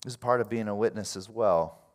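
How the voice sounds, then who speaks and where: Give me a man with a low-ish voice preaching a sermon, casual and animated. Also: fairly quick. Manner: casual and animated, swings from quiet to loud. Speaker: pastor.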